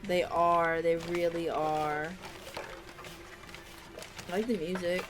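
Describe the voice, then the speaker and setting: A woman's voice: on the low side, little pitch movement, takes it slowly, over music. A woman streamer playing a horror game, jumpy and swearing as she chats to her viewers. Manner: jumpy and swearing, chattering to chat. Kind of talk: casual live-stream chat.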